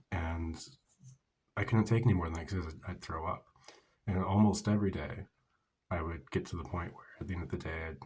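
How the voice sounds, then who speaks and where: A man's voice: sits low, husky. A man vlogger telling a personal story in a candid, rambling way with lots of fillers.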